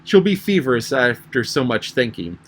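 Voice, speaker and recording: A man's voice: medium pitch, big pitch swings, normal speed. A man reading an audiobook and voicing the Red Queen, a haughty, bossy queen with a curt, commanding manner.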